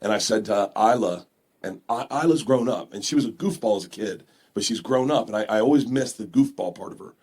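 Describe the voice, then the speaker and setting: A man in his fifties, a guest comedian telling stories on a podcast with lots of laughter, in an animated way. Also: fairly low pitch, fairly quick, breathy edge. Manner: animated storyteller, laughs often. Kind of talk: casual comedy podcast chat. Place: radio studio.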